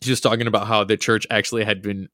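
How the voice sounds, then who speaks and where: A man's voice: lowish voice, level tone, quick pace, pushed and bright, dry recording, studio quality. A young adult man, a podcast guest, telling casual stories and acting out quotes in a raised voice. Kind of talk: casual storytelling chat.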